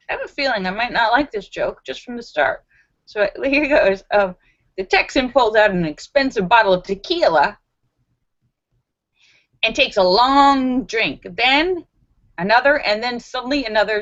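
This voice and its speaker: A woman hosting a live stream, reading viewer jokes with animated, giggly delivery. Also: on the high side, lo-fi sound. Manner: animated, giggly joke-telling. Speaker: vlog host. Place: home in Los Angeles.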